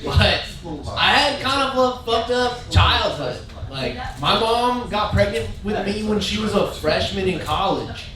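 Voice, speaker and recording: A man doing stand-up in an easygoing, dude-speak manner with a high voice and an unhurried pace. He is heard from a distance in a very echoey bar, with a big crowd reacting. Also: animated. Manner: laid-back, dude-speak delivery. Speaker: stand-up comedian, contestant. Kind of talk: stand-up set at a live comedy show.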